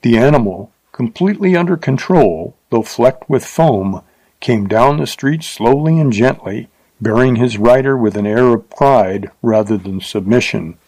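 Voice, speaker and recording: A man reading a Western adventure story aloud in a steady, dramatic narration. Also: mid-range voice, no room sound, rough recording. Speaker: audiobook narrator.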